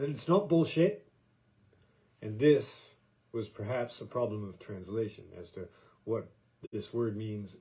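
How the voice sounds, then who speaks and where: A low-pitched American man with a dark, mellow voice. He rambles casually through a podcast monologue and stumbles over restarts and fillers as he goes. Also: poor audio. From United States. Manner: meandering, hesitant, many fillers and restarts. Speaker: podcast host.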